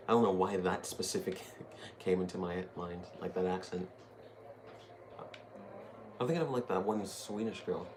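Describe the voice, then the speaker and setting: A young gaming streamer rambles and jokes casually while playing a video game, thinking out loud. His voice is low, his pace moderate with long pauses, and noisy game audio plays behind him.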